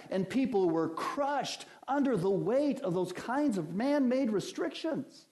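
A male pastor delivering a sermon, his voice mellow and somewhat high for a man. He speaks slowly and deliberately, swelling with emphasis and then dropping soft on key words. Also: lively intonation. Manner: preaching with swells of emphasis and slow drawn-out phrases.

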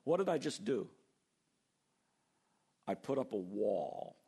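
An older man preaching a sermon, lively and acting out the quoted voices as he goes. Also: on the low side, takes it slowly, slightly rough. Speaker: pastor.

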